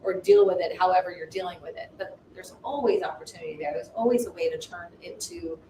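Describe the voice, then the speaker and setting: Woman minister, casual spiritual chat, animated, roomy room, distant mic. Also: lowish voice, fast talker, noisy background. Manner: animated, acts out inner voices. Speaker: minister and business coach. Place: home livestream.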